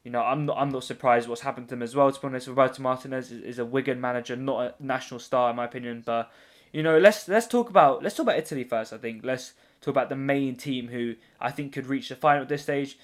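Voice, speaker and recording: A man's voice: mid-range voice, fairly even intonation, fast talker. A man hosting a casual football podcast, joking and rambling as he leads the chat. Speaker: podcast host.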